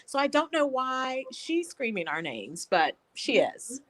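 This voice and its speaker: A woman in her thirties, a guest telling chatty, lively stories in a casual talk. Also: high voice, measured pace. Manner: lively, chatty storyteller who acts out quotes. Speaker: guest, construction company owner. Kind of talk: casual chat on a live show.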